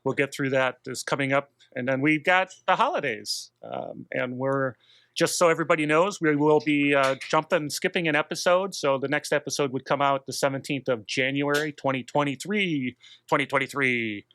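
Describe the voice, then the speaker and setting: A man's voice: a little high, moderate pace, a bit bright, slight background noise. A man hosting a tabletop game podcast in a laid-back, rambling way with fillers. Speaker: podcast host. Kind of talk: casual chat.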